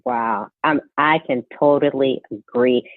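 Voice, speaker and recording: A woman's voice: very deep voice, fairly even intonation, unhurried, no echo. A woman in her forties hosting a podcast interview, affirming her guest with frequent mm-hmms. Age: 40s. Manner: warm, affirming listener, lots of mm-hmms. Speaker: podcast host. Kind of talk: conversational interview. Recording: tinny phone-like line.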